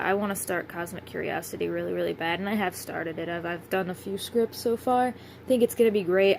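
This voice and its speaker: A tired woman talks through a late-night philosophy ramble in a gravelly voice full of vocal fry. She drifts, trails off and swears freely as her thoughts wander. A faint hiss sits under her voice. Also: fairly low pitch. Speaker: vlogger.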